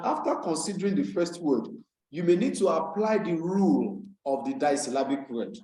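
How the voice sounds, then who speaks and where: A man teaching over a video call, patiently repeating every key point as he explains. His voice sits a little high for a man. The call audio carries a roomy echo. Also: mellow. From Nigeria. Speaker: English tutor. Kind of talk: online class lecture.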